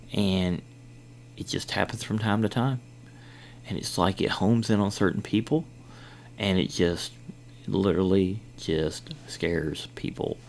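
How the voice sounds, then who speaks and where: Middle-aged male podcast host, low gravelly voice, rambling storyteller. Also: a little hiss or hum. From Kentucky. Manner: rambling, many fillers and retold dialogue. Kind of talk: casual storytelling.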